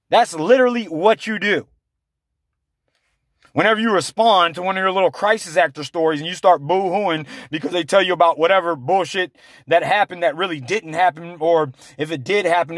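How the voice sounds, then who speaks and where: A man delivering an angry, confrontational rant to his viewers, halting often on fillers. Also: sits high, no echo, studio quality. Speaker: vlogger.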